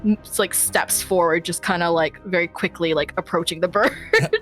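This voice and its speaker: A woman's voice: lowish voice, fairly even intonation, moderate pace, a bit bright, faint music behind. A woman playing a tabletop game, talking hesitantly with many fillers and restarts. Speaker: player.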